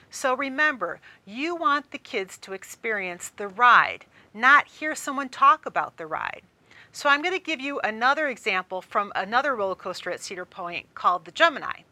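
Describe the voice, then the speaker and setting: A woman presenter giving a training talk, telling a story in a lively way and speaking straight to the listener. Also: fairly high pitch, no echo.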